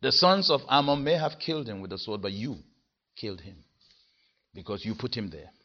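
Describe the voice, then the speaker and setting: A man preaching an expository sermon, stressing key words with force and then dropping his voice low. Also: animated, normal speed, pushed and bright. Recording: dull lo-fi sermon recording.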